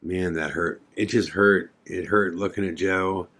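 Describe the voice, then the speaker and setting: A man's voice: sits low, steady tone, unhurried, a bit bright. A man hosting a podcast, retelling a frightening night in an intense, regretful way with some swearing. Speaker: podcast host. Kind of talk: first-person storytelling.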